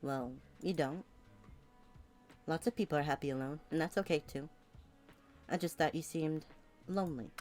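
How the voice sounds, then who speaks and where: A woman's voice: low-pitched, moderate pace, pauses often, a little mellow, faint music behind. A young adult woman streamer chatting casually over a game, teasing and playful.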